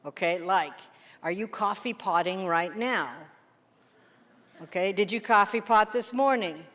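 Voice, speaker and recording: A woman English teacher leading a workshop, explaining classroom games in an animated way and checking in with the room often. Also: medium pitch. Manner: lively, animated teacher, quick questions to the room. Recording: long reverb of a hall.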